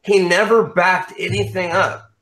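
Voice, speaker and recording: A man as an interview guest in casual chat, telling a story in an animated way and swearing freely. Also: sits high, a little slow.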